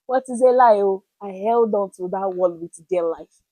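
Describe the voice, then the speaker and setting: Young woman, vlog storytelling, animated, dramatic pauses, dry close sound. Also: mid-range voice, no room sound, poor audio. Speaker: vlogger. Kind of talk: casual storytelling to camera.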